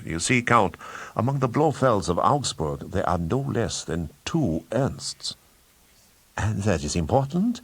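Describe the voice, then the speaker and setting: A man's voice: low-pitched, husky, heavily acted. A man reading an audiobook, voicing a composed British agent posing as a polite genealogist. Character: hard-pressed British male agent in disguise.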